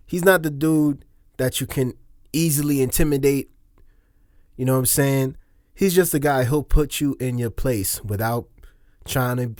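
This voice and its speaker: A man's voice: medium pitch, darkish tone, dry recording, studio quality. A man giving casual video commentary, chatty, laughing often, with slangy asides.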